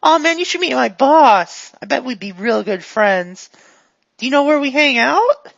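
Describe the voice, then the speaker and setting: A chirpy, high-voiced male gang member, put on by a woman, eager to help and cheerfully forgetful. His voice is gravelly and husky and rings out loud. It comes through a dull, lo-fi recording. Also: animated, moderate pace, dry recording, exaggerated voice. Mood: chatty. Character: dazed, overfriendly male gang member who keeps glitching.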